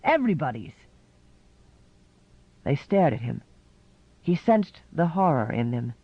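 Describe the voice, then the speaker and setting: A man reading a novel aloud in measured, scripted narration. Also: on the high side, animated, no room sound, lo-fi sound. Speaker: audiobook narrator.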